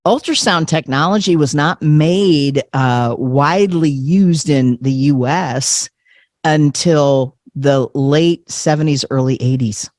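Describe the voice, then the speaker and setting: A man, a podcast guest, telling a personal story in a casual, animated way, often laughing and acting out what others said. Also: fairly high pitch, slow, no room sound, studio quality.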